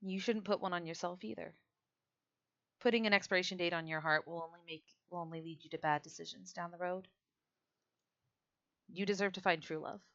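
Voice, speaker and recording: A woman's voice: on the low side, steady tone, brisk, pauses often, fairly bright tone. A kindly, slightly nervous male shipmate from a tabletop sea adventure, voiced by a woman close to her own voice. His talk is earnest and encouraging. The sound is a little dull and lo-fi.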